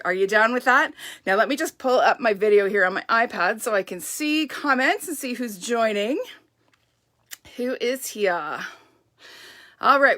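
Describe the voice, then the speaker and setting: A woman hosts a casual live stamping craft demo, upbeat and chatty as she greets viewers by name. Her mid-range voice sounds pushed and bright.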